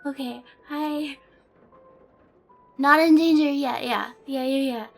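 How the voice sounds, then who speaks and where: A woman's voice: high-pitched, fairly even intonation, takes it slowly, creaky, soft background music. A woman streamer talking to her live chat, nervous and giggly, stammering and shaky, near tears.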